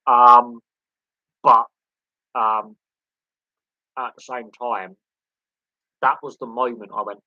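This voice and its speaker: A man's voice: medium pitch, steady tone, slow pace, long pauses, bright, forceful tone, no room sound. Rambling man on a lo-fi mic. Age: 30s. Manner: rambling, with many fillers and restarts. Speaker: sports channel host. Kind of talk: casual live-stream chat.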